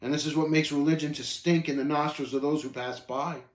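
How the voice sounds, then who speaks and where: A man's voice: on the high side, fairly quick, reverberant, close to an everyday voice. A man reading aloud and voicing a plain-spoken, earnest male pilgrim who speaks matter-of-factly. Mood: rueful. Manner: steady, matter-of-fact, earnest.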